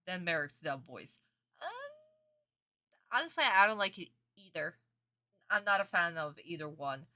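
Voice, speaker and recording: With a fairly low pitch and a sharp tone, a young woman streamer speaks at a moderate pace. She reacts casually to a cartoon episode, replying to chat comments and calling viewers honey and sweeties.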